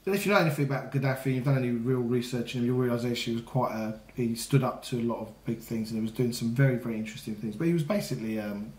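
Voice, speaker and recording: A man's voice: medium pitch, very fast, few pauses, a little mellow. A man, telling a story in a casual podcast chat and acting out the voices in his quotes. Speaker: podcast co-host. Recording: echoey room.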